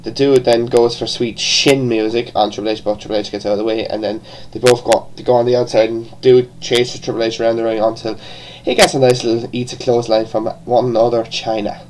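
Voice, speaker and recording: A man's voice: medium pitch, flat delivery, a little fast, hardly any pauses, a little mellow, slight background noise, poor audio. Rambling Irish man reviewing casually. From born in England, raised partly in Ireland. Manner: rambling, with frequent restarts and casual swearing. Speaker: wrestling show reviewer.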